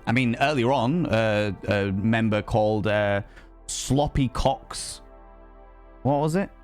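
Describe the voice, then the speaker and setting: A man's voice: fairly low pitch, takes it slowly, soft background music. A man hosting a live stream in a camp, theatrical way, full of grand flourishes. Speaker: streamer and cabaret host. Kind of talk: flamboyant live-stream chat.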